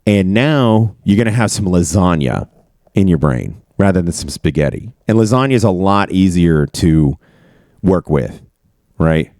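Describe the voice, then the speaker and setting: A man's voice: low-pitched, animated, a little slow, darkish tone, no echo, studio quality. A man talking candidly and ramblingly in a casual podcast chat, swearing now and then. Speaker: podcast host.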